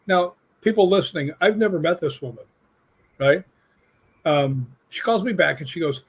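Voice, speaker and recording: A man's voice: a little high, moderate pace, slightly rough. A man, a guest on an interview show, telling casual anecdotes and acting out the people in them. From United States. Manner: animated storyteller who acts out quoted people. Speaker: guest, stunt coordinator and paranormal investigator.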